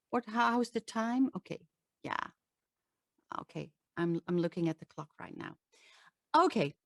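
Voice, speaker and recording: A woman's voice: mid-range voice, no echo. Dutch-accented woman coaching on voice, dry sound. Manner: lively, animated, with restarts and self-corrections. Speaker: voice and presentation coach. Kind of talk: presentation talk to an audience.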